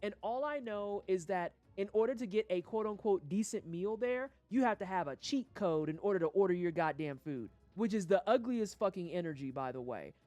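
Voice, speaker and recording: Fairly quick and with few pauses, a mid-range female voice belongs to a St. Louis livestreamer ranting casually on her gaming stream. She's animated and profane, swearing heavily, and the audio has no echo.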